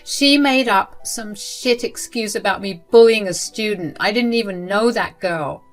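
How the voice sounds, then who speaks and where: A woman's voice: mid-range voice, a little slow, soft background music, voice pushed up, close to an everyday voice. A woman voicing a distraught teenage girl who talks in an upset, pleading way. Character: distraught teenage girl, high school senior.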